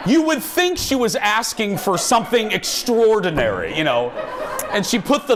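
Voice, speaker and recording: A man hosting a talk show, telling funny stories in an animated, self-mocking way. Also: sits high, moderate pace, background noise. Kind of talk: comic storytelling to a studio.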